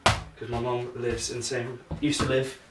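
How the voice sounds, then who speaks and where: A young man talks to himself while he practises juggling, rambling and poking fun at himself in a mid-range voice. He sits back from the microphone in an echoey room, with a steady hiss of background noise. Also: mid-range voice, measured pace. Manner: rambling, self-mocking, thinks out loud. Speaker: vlogger. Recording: echoey room, mic at a distance, noisy.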